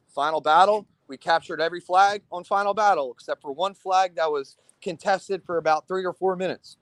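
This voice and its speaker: A man casually telling a paintball story on a podcast, animated and profane, asking "right?" again and again and acting out other people's lines. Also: sits high, no echo. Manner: acts out other people's lines in quick bursts. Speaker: paintball team commander.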